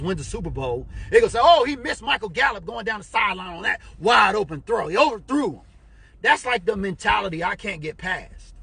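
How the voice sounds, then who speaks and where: A middle-aged man with a fairly high, husky voice hosts a casual live stream, rambling in a chatty, animated way. He keeps tossing in "you know what I'm saying" while he greets viewers and reads their comments. He sounds from the United States, speaking through a basic stream mic. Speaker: fan group owner and live-stream host. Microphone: computer or phone mic on a live stream.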